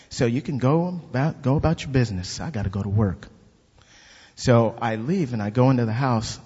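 A man giving a spoken testimony at church, animated and acting out the voices in his story. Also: medium pitch, moderate pace, slightly rough. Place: church hall. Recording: dull lo-fi recording with long hall reverb.

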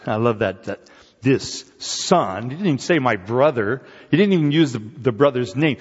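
A man preaching a sermon, retelling a parable with lively storytelling and acting out the figures' voices with rising excitement. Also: mid-range voice, normal speed, breathy edge, big-room sound, lo-fi sound.

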